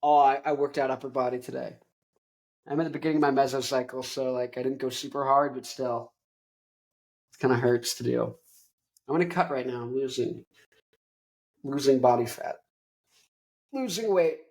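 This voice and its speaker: A man's voice: medium pitch, flat delivery, moderate pace, long pauses, a little mellow. A man in his twenties hosting a show, talking casually in a rambling, tangent-prone way. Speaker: host. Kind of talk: casual chat.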